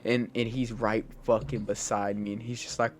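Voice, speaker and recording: A young man co-hosting a podcast, telling a story in a casual, animated way, swearing a lot and saying "bro" all the time. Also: fairly low pitch, moderate pace, faint music behind. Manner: animated, profane, says "bro" constantly. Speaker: podcast co-host.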